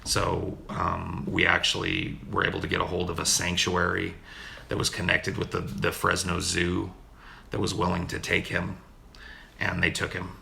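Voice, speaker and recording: A streamer answers his chat from a home recording room, laid-back and profane, often calling people dude. His deep voice is monotone, creaky and bright, with a forceful tone at normal speed, and there's a little hiss or hum.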